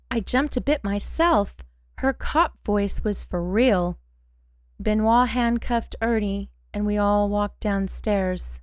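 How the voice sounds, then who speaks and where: A woman narrating a first-person audiobook in a slow, measured way. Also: mid-range voice, no echo.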